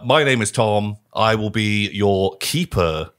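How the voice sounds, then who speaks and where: A man's voice: lowish voice, expressive, slow, a bit bright. A man hosting a tabletop role-play as its keeper, with a theatrical, enthusiastic delivery. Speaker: game keeper and host. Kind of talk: scripted intro then hosting a tabletop game.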